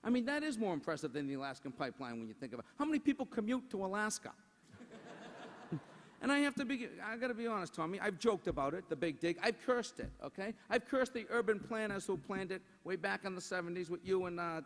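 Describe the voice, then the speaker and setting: A man's voice: high-pitched, animated, fairly quick. A man doing a roast comedy routine in a large banquet hall, joking and tossing rhetorical asides to the crowd. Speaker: roast speaker. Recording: long hall reverb.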